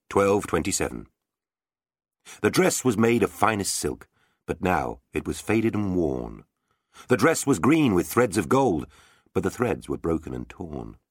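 A man narrates a storybook in a very low voice, full of playful expression. His pitch ranges widely as he shapes each line. The recording is dry and close. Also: breathy edge, no echo. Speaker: audiobook narrator.

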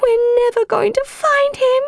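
A woman voicing an excitable young girl who worries about her cat, in a breathless, eager way. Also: extremely high pitch, moderate pace, no room sound, clean studio sound, voice pushed up. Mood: anxious girl.

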